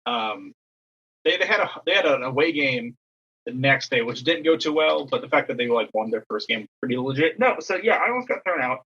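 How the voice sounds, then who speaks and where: Husky, bright-voiced young man. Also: mid-range voice, a little fast, lo-fi sound. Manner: rambling, filler-heavy, animated storyteller. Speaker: podcast co-host and assistant softball coach. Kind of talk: casual storytelling chat.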